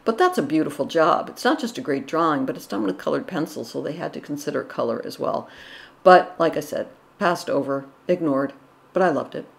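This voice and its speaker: A woman's voice: sits low, expressive, fairly quick, gravelly. A middle-aged woman giving casual, enthusiastic commentary on paintings, with frequent restarts and gushing praise. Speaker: art commentary vlogger.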